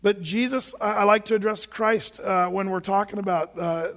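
High-voiced man preaching in a reverberant hall. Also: steady tone, moderate pace. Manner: conversational preaching with fillers and rhetorical questions. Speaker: pastor. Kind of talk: sermon.

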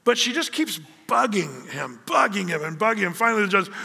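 His voice high and very bright, with vocal fry and a breathy edge, a male pastor delivers a fairly quick sermon. He tells it as an animated story, voicing the characters himself. A long reverb from the hall follows each phrase.

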